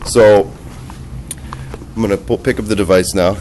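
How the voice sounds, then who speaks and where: A man in his thirties with a low voice, nasal and stuffed up from a cold. He walks through a gadget in a casual, halting way, pausing as he taps through screens, with faint outdoor sound behind him. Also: steady tone, darkish tone, slight background noise. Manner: halting, talks while operating a device. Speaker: product demonstrator. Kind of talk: casual product demonstration.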